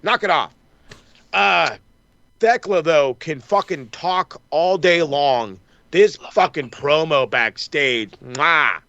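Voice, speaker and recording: In a muffled recording with no room sound, a man co-hosting a podcast swears his way through a furious wrestling recap, rattling along fast and often mimicking others. His voice is fairly high, creaky, bright and forceful.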